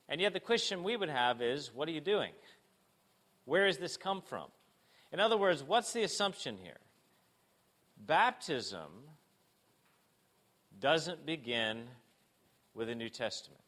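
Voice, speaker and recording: A man preaching a sermon, asking rhetorical questions and moving between emphatic and hushed delivery. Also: fairly high pitch, sing-song, measured pace, pauses often. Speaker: pastor.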